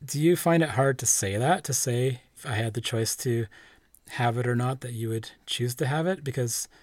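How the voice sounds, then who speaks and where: A man's voice: medium pitch, moderate pace, no room sound. A man interviewing a guest, asking friendly, probing questions. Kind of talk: interview conversation.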